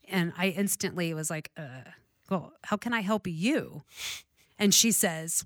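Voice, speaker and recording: Middle-aged woman, low-ish voice, animated storyteller, dry close sound. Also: moderate pace, no echo. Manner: animated storyteller, acts out dialogue, laughs often. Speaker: real estate investor. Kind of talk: casual storytelling chat.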